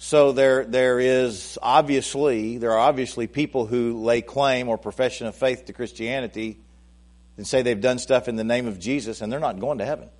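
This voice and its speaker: A male pastor preaching a sermon, talking conversationally to his congregation, restarting phrases and building to loud, emphatic peaks. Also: medium pitch, fairly even intonation, normal speed.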